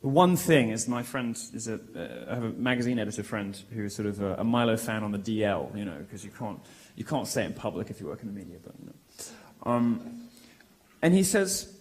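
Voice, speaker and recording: A British man giving a provocative, mocking live speech to a college crowd in a large, lively room, delivering it loudly and with projection. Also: lowish voice, brisk. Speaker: public speaker.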